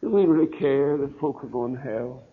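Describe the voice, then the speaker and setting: A man preaching a revival sermon as a pastor, telling stories and swinging from hollered peaks down to hushed, low lines. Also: moderate pace, husky, long reverb tail. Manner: storytelling preacher, swelling to hollered climaxes then dropping low. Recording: tinny phone-like sermon recording.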